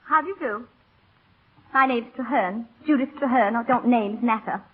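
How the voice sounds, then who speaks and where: A woman's voice: a little high, moderate pace, husky. An actress playing a headstrong young society woman who brushes off worry, in a 1930s radio drama on a tinny old broadcast. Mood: wry.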